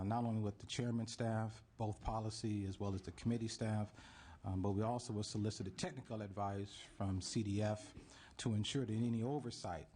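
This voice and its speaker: A man testifying before a legislative committee as an advocate, measured and repeating key points for emphasis. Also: lowish voice, mellow, slightly rough. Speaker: forestry association advocate testifying.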